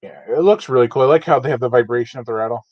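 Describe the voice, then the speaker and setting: A man's voice: medium pitch, very fast, no room sound. Man, live-stream host, rambling casual talk, dull lo-fi sound, dry close room. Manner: casual, rambling, many fillers. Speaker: channel host. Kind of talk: live unboxing stream, reading chat. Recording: dull, lo-fi dry home mic.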